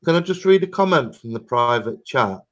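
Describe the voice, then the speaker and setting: A man with a mid-pitched voice speaks on a live-stream panel. He insists on being heard and reads chat comments aloud. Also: expressive, a little fast, fairly bright tone.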